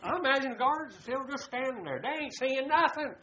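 A man's voice: very high-pitched, animated, fairly quick, pushed and bright. A man, preaching a folksy sermon and calling his listeners "buddy.". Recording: dull lo-fi recording.

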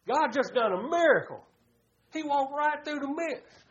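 A man's voice: extremely high pitch, animated, measured pace. A man, preaching a folksy sermon and calling his listeners "buddy.". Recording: dull lo-fi recording.

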